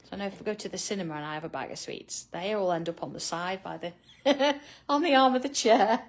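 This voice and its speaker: A woman's voice: mid-range voice, fairly quick. A middle-aged woman hosting a live drawing tutorial, chatting casually with viewers by name and laughing often. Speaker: art tutorial host.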